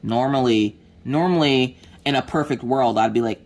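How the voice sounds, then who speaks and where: A woman's voice: rumbling low, moderate pace, hardly any pauses. A woman, chatting casually and acting out the voices in her story while she crafts. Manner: animated storyteller acting out quotes, mild swearing. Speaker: craft vlogger.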